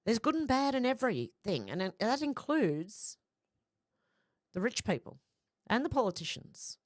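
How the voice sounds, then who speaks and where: A woman's voice: fairly high pitch, very animated, measured pace, no room sound. Woman, livestream host, rambling casual chat, dry close sound. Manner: chatty, rambling, laughs easily. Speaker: livestream host reading viewer comments.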